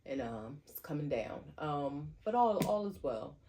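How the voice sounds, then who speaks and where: A woman co-hosting a podcast in casual chat, chatty and quick to laugh. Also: sits low, very animated, noisy background. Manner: chatty, laughs easily, loud-ish. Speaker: podcast co-host.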